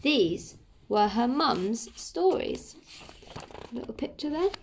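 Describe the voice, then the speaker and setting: Friendly English woman teacher reading a children's book to her class, slightly high. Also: very animated, slow pace, creaky, a little hiss or hum. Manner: friendly, explains as she reads. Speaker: primary school teacher. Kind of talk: reading a story aloud to pupils.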